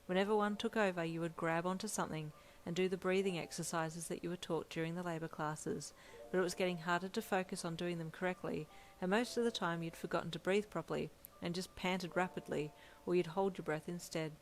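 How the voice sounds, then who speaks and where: Woman narrator, lower voice, gentle story reading. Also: steady tone, a little fast, rough recording. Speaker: fanfiction reader. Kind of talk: second-person story narration.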